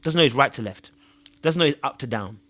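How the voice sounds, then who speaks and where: A man hosting a reality TV review scolds and mocks the contestants with rhetorical questions, stumbling over words and repeating fillers. His medium-pitched voice is animated, fairly bright and a little fast, with no room sound.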